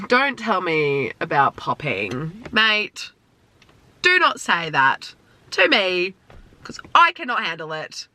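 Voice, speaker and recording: A woman's voice: mid-range voice, wildly swooping pitch, takes it slowly, bright, forceful tone. A young woman vlogging her reaction to music from inside her car, gushing and emotional. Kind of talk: casual reaction commentary. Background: album music playing.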